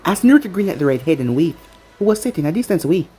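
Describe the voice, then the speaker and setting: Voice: mid-range voice, very animated, fast talker, dark tone, husky, faint music behind. A reader casually reading a fan fiction story aloud, stumbling over words now and then.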